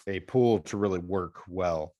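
A man's voice: low-pitched, a little slow, dark tone, no echo. A man in his forties, congested from allergies, co-hosting a podcast in casual, rambling chat. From US Pacific Northwest. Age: 40s. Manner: rambling, repeats himself. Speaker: podcast co-host.

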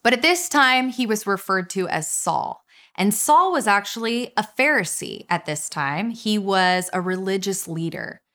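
A woman's voice: medium pitch, fairly bright tone. A woman speaking as a guest at a church, reading scripture and preaching in a conversational way.

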